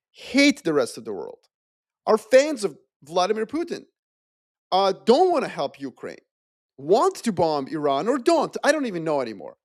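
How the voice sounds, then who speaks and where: A man's voice: high voice, no room sound. Guy on a podcast telling it like a story, playful, dry close mic sound. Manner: animated storytelling, playful asides. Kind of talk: casual geopolitical discussion.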